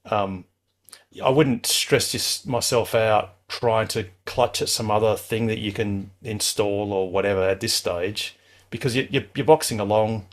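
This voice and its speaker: A man's voice: on the low side, measured pace. A man hosting a club call-in show, giving casual, reassuring advice in a chatty way with frequent restarts. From Australia. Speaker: club host.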